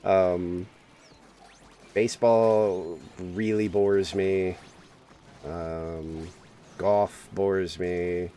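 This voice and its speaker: A man's voice: sits low, steady tone, drawn-out words, long pauses, mellow, a little hiss or hum. A man streaming a game, chatting casually and rambling through stories with frequent laughs. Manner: rambling storyteller, laughs often, acts out quotes. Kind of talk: casual gaming stream chat.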